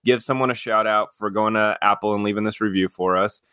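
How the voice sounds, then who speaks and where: A man's voice: lowish voice, fairly even intonation, brisk, sharp tone, clear, resonant tone, no echo, studio quality. A man co-hosting a podcast, eager and chummy in casual chat. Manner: eager, chummy, says dude. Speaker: podcast co-host.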